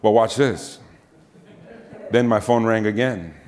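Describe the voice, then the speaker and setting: A man with a fairly low voice preaches slowly, weaving a personal story into his sermon. He's animated, voicing the people he quotes and saying "amen" again and again.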